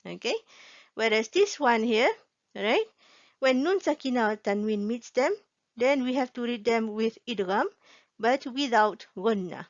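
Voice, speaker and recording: Patient woman teacher, slow and deliberate. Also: on the high side, expressive, dry recording. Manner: patient, checks in often with "okay?" and repeats each rule. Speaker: Quran recitation teacher. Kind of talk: slow explanatory online lesson. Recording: dull lo-fi, dry sound.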